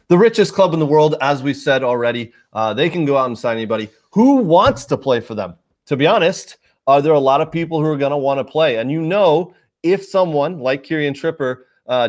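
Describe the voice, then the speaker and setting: Chatty male soccer show host. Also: medium pitch. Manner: chatty, addresses viewers directly, many fillers. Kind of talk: casual soccer commentary.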